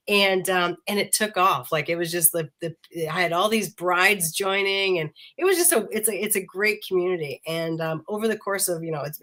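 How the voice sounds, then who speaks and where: A woman's voice: on the low side, a bit bright. A woman, a panel guest just over the flu, chatting casually with many restarts. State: recovering from flu. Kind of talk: casual chat.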